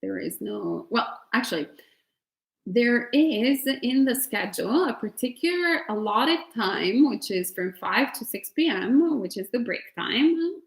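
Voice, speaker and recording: Italian woman teacher, gravelly voice, chatty and laughing, roomy echo on the recording. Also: on the high side, animated, a little slow. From Italy. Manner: chatty, laughs often, many fillers. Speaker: meditation teacher answering questions. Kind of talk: casual Q&A at an online retreat.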